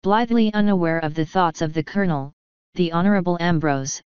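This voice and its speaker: A woman reading an audiobook in calm, even, scripted narration. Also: on the low side, fairly quick, clean tone, dry recording. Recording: dull lo-fi sound.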